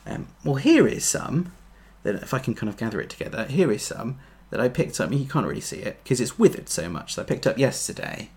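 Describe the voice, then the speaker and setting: A man preaching a sermon, earnest, building to emphatic peaks and then dropping soft. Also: medium pitch, big pitch swings, brisk, few pauses.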